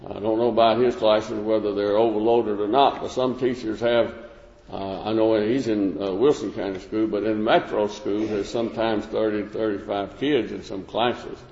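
A man's voice: fairly low pitch, fairly even intonation, moderate pace, a little mellow. A man teaching a plain-spoken Bible lesson, folksy and full of restarts. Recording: echoey hall, dull lo-fi sound.

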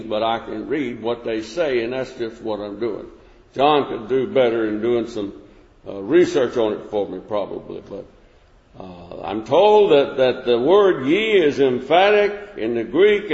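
Folksy man teaching in an echoey church hall. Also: mid-range voice. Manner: plain-spoken, folksy, with many restarts. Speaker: Bible class teacher. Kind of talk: informal Bible lesson. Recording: echoey hall, dull lo-fi sound.

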